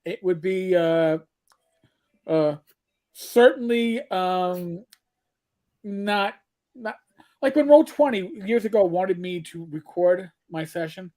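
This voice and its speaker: A man's voice: high-pitched, expressive, takes it slowly, long pauses, warm tone. A man hosting a casual livestream, making dry joking asides and restarting his sentences. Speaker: stream host.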